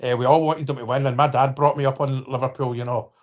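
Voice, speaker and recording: A man's voice: mid-range voice, fairly even intonation, quick pace. A man in his fifties hosting a casual live-stream football chat, rambling with restarts and apologies and talking to viewers by name. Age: 50s.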